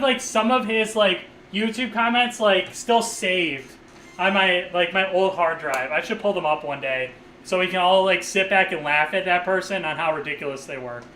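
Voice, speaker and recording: A man's voice: high-pitched, normal speed, fairly bright tone, roomy sound, a little hiss or hum, low-quality recording. A man live streaming a game and chatting casually, rambling and swearing, laughing often, on a USB condenser microphone. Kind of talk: casual live stream chat while playing.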